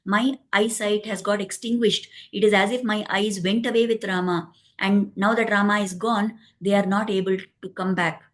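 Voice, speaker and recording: A man's voice: high voice, level tone, moderate pace, few pauses, fairly bright tone. A woman voicing a grieving old king. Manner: sorrowful, pleading. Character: grieving aged male king, failing sight.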